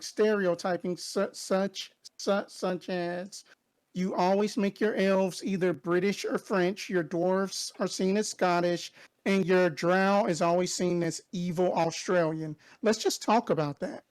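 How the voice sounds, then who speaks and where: A woman's voice: medium pitch, slow, a little mellow, no echo. A woman on a casual discussion panel, speaking hesitantly with filler words and restarts.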